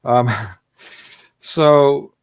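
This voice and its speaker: American man with a gravelly voice. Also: medium pitch, drawn-out words. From United States. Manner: relaxed, thoughtful, with many ums. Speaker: podcast host. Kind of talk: casual conversation.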